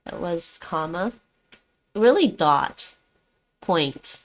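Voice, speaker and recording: Streaming while she learns languages, a Dutch-native woman chats casually with her audience, often addressing viewers by name and reading text aloud. She sounds very animated and draws out her words, in a voice on the low side.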